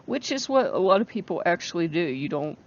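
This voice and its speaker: A person talks candidly to camera, rambling and often breaking off mid-thought with a laugh. The voice is gravelly and sits mid-range. The recording is dull and lo-fi. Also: mid-range voice, big pitch swings, fairly quick. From United States. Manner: candid and emotional. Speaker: book vlogger. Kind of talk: casual talk to camera.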